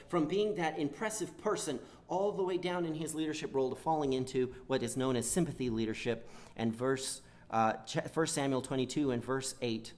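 Halting man preaching a sermon. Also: on the high side. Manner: halting, repeats words, acts out quoted whining.

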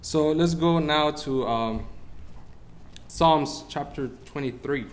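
A man's voice: fairly high pitch, takes it slowly. Man preaching a sermon. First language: Spanish. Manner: searches for English words, rises when preaching.

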